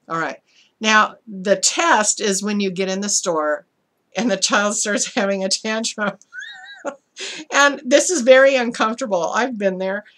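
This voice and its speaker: A woman's voice: mid-range voice, measured pace, a bit bright. Chatty woman teaching a psychology lecture. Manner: conversational, laughs often, acts out parent's lines. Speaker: psychology instructor. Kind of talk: recorded online lecture.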